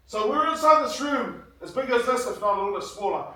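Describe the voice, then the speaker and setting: A man's voice: very high voice, fairly quick, few pauses, bright, forceful tone, distant mic. A man in his fifties, a former rugby player, giving an earnest motivational speech to students in a large hall. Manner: earnest storytelling, grows emotional. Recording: very echoey hall, heard from afar.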